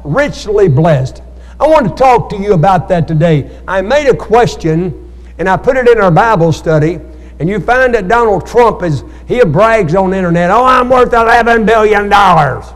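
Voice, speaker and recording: A man's voice: sits high, darkish tone. A male pastor, preaching a sermon and calling on the congregation for amens. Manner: preaching with call-and-response to the congregation. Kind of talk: sermon at Bible study. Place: church hall. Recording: echoey church hall.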